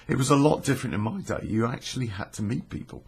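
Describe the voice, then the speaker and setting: A man's voice: medium pitch, animated, quick pace, creaky, darkish tone, slightly rough. A middle-aged man, telling a rambling true story casually, swearing freely and stopping often on fillers and restarts.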